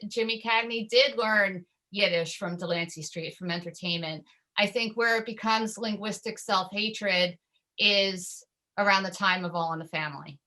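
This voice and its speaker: A woman's voice: medium pitch, bright, forceful tone. A woman speaking as a panelist in an online discussion, chatty and piling up several points at once.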